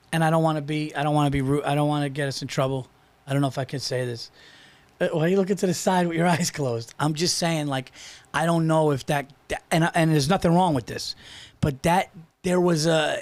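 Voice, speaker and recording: A male podcast co-host talks loosely, laughing and hedging as he goes. His voice is a little high for a man. He stumbles and restarts as he works through a point. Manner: hesitant, laughing, loose and profane. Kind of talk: casual chat.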